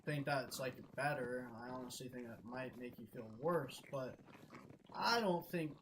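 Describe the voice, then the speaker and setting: A young male streamer retelling a multiplayer game mishap in an animated, laughing way, swearing constantly. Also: medium pitch, normal speed, background noise. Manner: excitable, swears constantly, laughs between lines. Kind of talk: animated gaming story retelling.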